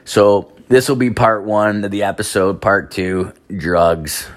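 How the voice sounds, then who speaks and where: A man's voice: fairly low pitch, slow. A young man hosting a podcast, telling a story in a casual, rambling way, swearing constantly and filling his talk with "like". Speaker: podcast host.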